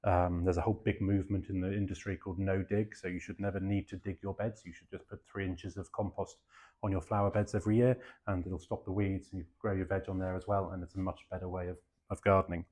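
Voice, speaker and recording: A man's voice: low-pitched, flat delivery, fast talker, darkish tone. A middle-aged man from England with a southeast English accent, giving a rambling, self-deprecating talk with many fillers. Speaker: garden designer giving a talk. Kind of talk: chatty public talk.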